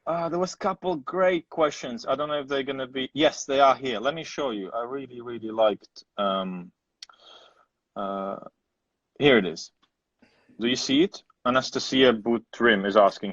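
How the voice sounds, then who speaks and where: A man's voice: mid-range voice, a bit bright, no echo, lo-fi sound. A man from post-Soviet Eastern Europe hosting a casual chat, speaking hesitantly with jokes between his thoughts. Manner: slow, hesitant, joking. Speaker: host. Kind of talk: casual video-call chat.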